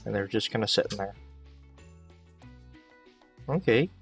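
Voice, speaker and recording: A man's voice: lowish voice, lively intonation, a little slow, gravelly, slightly rough, far from the mic, soft background music. A man giving casual gameplay commentary, chatting to the characters as he plays. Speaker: let's play host.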